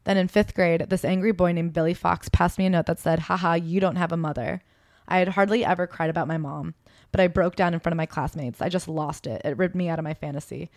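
A woman co-hosting a podcast, chatting casually about a memoir and reading passages from it aloud in a soft, subdued tone. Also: on the low side, steady tone, fast talker, dry recording, studio quality. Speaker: podcast co-host.

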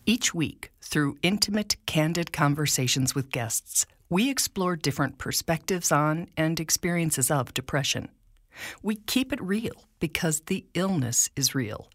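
Deep-voiced woman, lively and expressive delivery. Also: a little slow, dry recording, studio quality. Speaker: podcast co-host. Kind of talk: scripted podcast narration.

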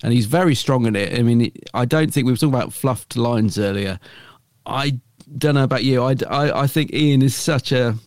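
A man's voice: medium pitch, moderate pace, dry recording, studio quality. A man co-hosting a podcast, chatting casually and rambling a little, with many fillers and restarts. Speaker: podcast co-host.

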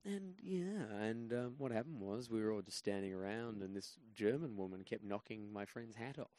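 An Australian man in his twenties, a podcast guest telling stories in a measured, low-key way that turns animated as he goes. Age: 20s. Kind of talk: casual storytelling chat.

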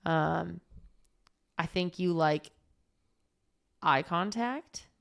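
Woman, podcast co-host, low gravelly voice, playful banter. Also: very slow, a bit bright. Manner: playful, swears casually, laughs often. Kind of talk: casual chat.

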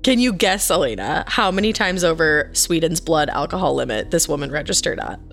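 A woman's voice: low voice, animated, gravelly, faint music behind. A woman co-hosting a podcast, reacting playfully and counting down odd crime stories. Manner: playful, quick reactions, teasing. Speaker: podcast co-host. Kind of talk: casual true-crime chat.

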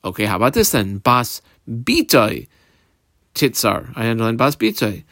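A man gives a Talmud class in a mid-pitched voice. He reads short phrases of the text and explains each one, pausing often on fillers. The sound is dry and close, with no room around it. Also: big pitch swings, a bit bright, no room sound. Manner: halting, with frequent "uh" fillers and quick Aramaic readings. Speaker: Talmud teacher. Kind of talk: Talmud lesson, reading and translating.

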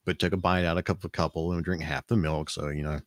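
A man's voice: low voice, flat delivery, brisk, no echo, studio quality. A man from the American South with a Southern accent, telling a rambling family story in casual chat, with frequent restarts. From Alabama, US South.

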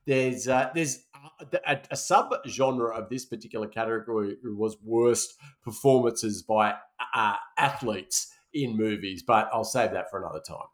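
A man's voice: lowish voice, moderate pace, few pauses. A man, co-hosting a casual movie-review podcast, rambling and restarting his sentences. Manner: rambling, self-interrupting, laughs at own jokes. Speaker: podcast co-host.

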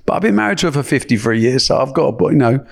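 A man in his seventies, a guest, telling lively colloquial stories and acting out the dialogue. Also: mid-range voice, very fast, creaky. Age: 70s. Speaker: guest, sports promoter. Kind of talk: anecdotal storytelling.

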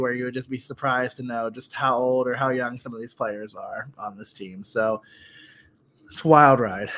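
A man's voice: mid-range voice, a bit bright. A man co-hosting a podcast in casual chat, talking in a chatty way with frequent restarts. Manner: chatty, lots of restarts and "you know". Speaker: podcast co-host.

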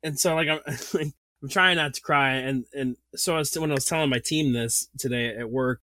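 A man's voice: mid-range voice, a little fast, no echo, clean studio sound. A man in his thirties, a podcast host, telling a story in a casual chat, laughing often and filling his talk with "like.". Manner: animated storytelling, laughs often, many fillers.

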